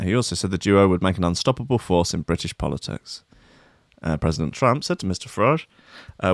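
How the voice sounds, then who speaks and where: A man's voice: mid-range voice, no echo, clean studio sound. A man hosting a show, reading news items aloud and breaking off for joking asides. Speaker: podcast host. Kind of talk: comedic news commentary.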